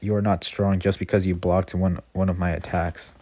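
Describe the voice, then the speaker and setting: A man's voice: deep voice, flat delivery, normal speed, dark tone. A man voicing a drunk, jealous young wolf-man who stutters over his words. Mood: taunting. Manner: stuttering, slurred.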